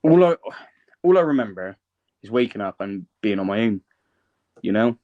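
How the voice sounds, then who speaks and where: A man's voice: on the low side, expressive, moderate pace. Rambling man on a dull live stream. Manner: rambling, hesitant, often checks the listener follows. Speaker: guest. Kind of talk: casual live-stream interview.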